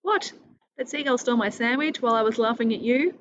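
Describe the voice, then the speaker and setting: A cheeky, excitable little girl from a storybook, voiced by a woman. Her voice jumps up high when she exclaims. The recording is slightly dull, with a faint hiss behind it. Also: moderate pace. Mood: indignant.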